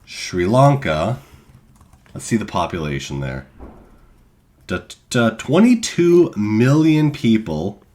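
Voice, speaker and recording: A man's voice: fairly low pitch, sing-song, takes it slowly, pauses often, a little mellow. A man co-hosting a podcast, reading researched notes in a casual way with self-deprecating asides. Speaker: podcast co-host presenting cryptids.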